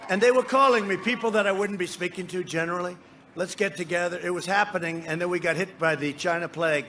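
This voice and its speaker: A man's voice: high voice, noisy background. A man giving a campaign rally speech, boastful and rambling, bantering with the crowd from the stage. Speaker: political speaker at a rally. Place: outdoor rally before a large crowd.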